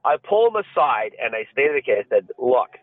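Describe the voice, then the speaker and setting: A mid-range, sing-song voice rattles along quickly as a male podcast co-host tells a story in casual chat, laughing and swearing a lot. There's no room sound, and the audio is dry and lo-fi like a phone.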